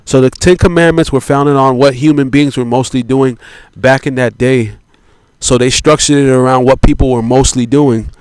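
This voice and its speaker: A man with a smooth, resonant, mid-pitched voice holds forth in a rambling monologue. He swears freely, circles back on his points and slows down to stress words. The sound is dry and close, with no room echo. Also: steady tone, darkish tone. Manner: profane, repetitive, peppered with "you know" and "man".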